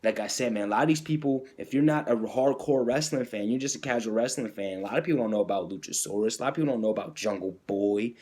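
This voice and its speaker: This podcast host races through an excited wrestling recap at a quick pace with few pauses, his tone darkish. He stumbles through fillers and restarts and puts on a higher voice for quoted lines.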